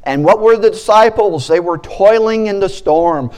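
A man preaching a sermon as a pastor, animated and mixing in joking asides. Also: high voice, moderate pace, clear, resonant tone.

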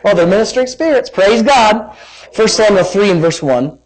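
Pastor guy giving a sermon, pretty high voice, gets loud and dramatic reading scripture, rambles a bit. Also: normal speed, low-quality recording. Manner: animated, dramatic scripture reading with rising emphasis; rambling asides and self-corrections.

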